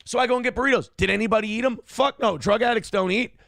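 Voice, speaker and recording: A man's voice: extremely high pitch, quick pace, creaky, dry recording, studio quality. A man hosting a morning talk show, telling stories in casual, profane chat and swearing freely. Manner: animated storyteller, swears freely.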